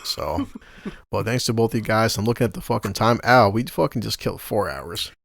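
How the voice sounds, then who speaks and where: A man's voice: lowish voice, a little fast, gravelly, fairly bright tone, no echo, studio quality. A man in his forties hosting a podcast, telling a story in casual chat, swearing often and laughing as he talks. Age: 40s. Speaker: podcast host.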